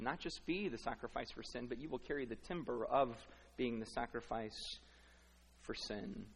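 A middle-aged man preaching a sermon, dramatically acting out inner thoughts with stammering repeats, swinging from hushed to loud. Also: mid-range voice, breathy edge. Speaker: pastor. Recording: long reverb of a large hall.

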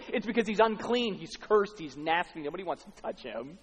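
A man with a high-pitched voice preaches a sermon in a large church hall, and long reverb trails after every phrase. His delivery swings dramatically, from near-whispered lines to full-throated shouting. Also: lively intonation, brisk, few pauses, slightly rough.

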